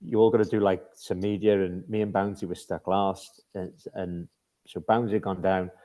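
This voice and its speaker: Man, middle-aged, British, low voice, warm dark tone, casual rambling storyteller. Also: little pitch movement, normal speed. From Britain. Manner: rambling, many restarts, laughs at his own stories. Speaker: podcast guest, former ice hockey captain.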